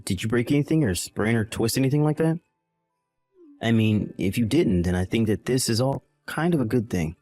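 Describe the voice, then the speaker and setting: A man's voice: medium pitch, animated, moderate pace, darkish tone, faint music behind, natural voice. A man playing a dismissive, callous young husband in a voiced text-message drama, irritated and condescending.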